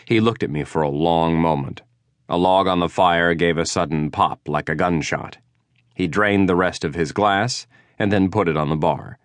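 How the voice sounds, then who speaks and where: A man's voice: sits low, moderate pace, no echo. A man narrating a first-person audiobook in a dry, understated, wry manner, close to a studio mic.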